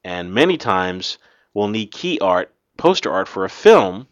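A man's voice: deep voice, big pitch swings, measured pace, no echo, lo-fi sound. Chatty man reading listener mail. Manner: chatty, laughs often. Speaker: podcast host.

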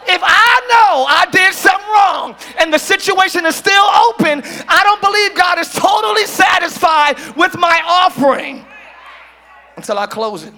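A male pastor preaches with a very high voice, and his tone is bright and forceful. He swings into shouted peaks and calls to the congregation, dropping into casual slang and playful quoted voices. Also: animated, moderate pace, some chatter behind. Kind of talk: sermon. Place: church hall with congregation.

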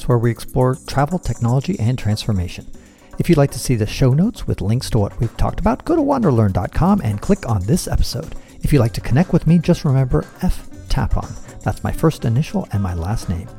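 A man hosting a podcast, asking short questions and reading a steady scripted outro. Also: mid-range voice, vocal fry. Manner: brief interjections, then a steady read list of links. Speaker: podcast host.

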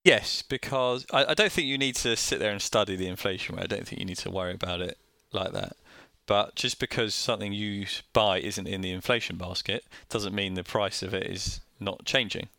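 A man's voice: on the low side, a little fast, vocal fry, few pauses, bright, forceful tone, no room sound. A man with a Northern English accent, co-hosting a casual chat and explaining things in plain, joking terms. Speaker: co-host.

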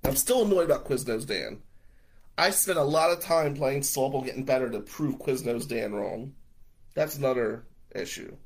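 A man with a gravelly, husky voice tells a story straight to the camera. His pitch sits mid-range, and his delivery is loose, animated and blunt, with swearing. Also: moderate pace, low-quality recording.

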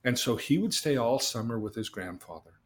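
A man hosting a podcast, telling a long story in an animated way, often repeating words as he starts a thought. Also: mid-range voice, fairly quick. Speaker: host.

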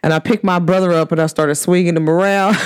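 Her voice is on the low side and smooth. She's a Cincinnati, USA, podcast host talking casually and slangily to her audience, often laughing and imitating what others said.

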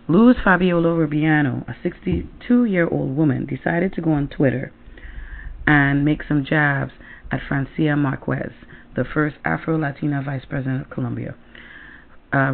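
A woman's voice: low voice, vocal fry. A woman giving blunt, angry commentary, full of profanity and asides that ask the listener "right?" and "okay?". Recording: tinny phone-like audio.

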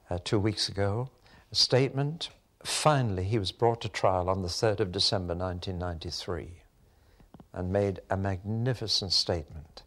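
Older man, low-pitched, earnest sermon delivery with emphatic swells and hushed drops. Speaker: preacher.

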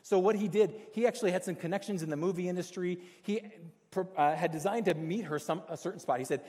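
Casual male pastor, somewhat high voice, animated storytelling sermon, long church-hall reverb. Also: fast talker. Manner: chatty, self-deprecating, animated storyteller.

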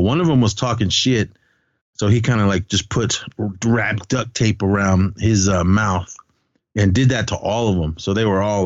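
Low-voiced man animatedly retelling a film. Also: no room sound, dull audio. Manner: animated storytelling, acting out characters' lines. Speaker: podcast host. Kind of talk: casual film recap.

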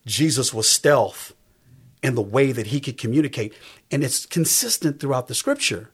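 A husky-voiced man in his fifties, speaking as a guest in a faith-based conversation. He talks emphatically, with a preacher's cadence, and circles back to repeat his key lines. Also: medium pitch, expressive, normal speed, a bit bright. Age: 50s. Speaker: guest on a faith talk show.

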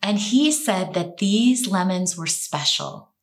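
A woman guest telling a personal story in conversation, in an animated, expressive way with quick laughs. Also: medium pitch.

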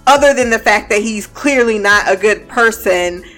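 A woman's voice: medium pitch, moderate pace, a bit bright, faint music behind. A woman giving a casual, blunt and profane recap of a TV show, often breaking into laughter. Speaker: TV show reviewer.

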